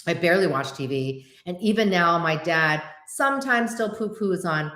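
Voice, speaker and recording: A woman hosting a casual chat, answering viewer questions with quick asides and acted-out quotes. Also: on the low side, animated, a bit bright, reverberant.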